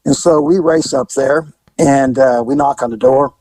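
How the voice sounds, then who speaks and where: A man, a former police officer, telling lively stories on a podcast, laughing and acting out the voices. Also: mid-range voice, moderate pace, no echo, rough recording. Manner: animated, laughing, acts out voices. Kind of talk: casual storytelling podcast.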